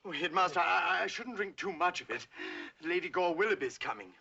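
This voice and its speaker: A fussy, husky-voiced schoolmaster. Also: male voice, sits high, expressive, fairly quick, pushed and bright, heavily acted. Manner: fussy and deferential. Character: timid, fussy male assistant headmaster. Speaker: assistant headmaster. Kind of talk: 1960 British film comedy acting. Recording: dull old film soundtrack.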